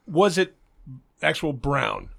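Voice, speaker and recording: A man's voice: on the high side, big pitch swings, slow pace, gravelly, a bit bright. A man co-hosting a podcast, teasing and telling jokes he laughs at himself. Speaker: podcast co-host. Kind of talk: casual profane chat, joke telling.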